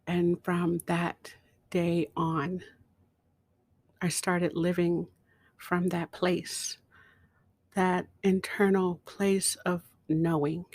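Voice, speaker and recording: A middle-aged woman, host of her own show, slowly telling a personal story and sometimes dropping to a whisper. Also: fairly low pitch, level tone, darkish tone, breathy edge, no room sound. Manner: slow, reflective storytelling, dropping to a whisper at times. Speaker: podcast host. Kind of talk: personal testimony.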